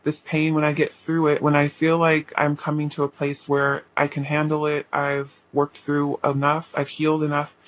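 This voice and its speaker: A man reading tarot, speaking a channeled message in the first person in a halting, earnest way with many pauses and fillers. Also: fairly high pitch, completely flat delivery, a bit bright, low-quality recording. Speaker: tarot reader.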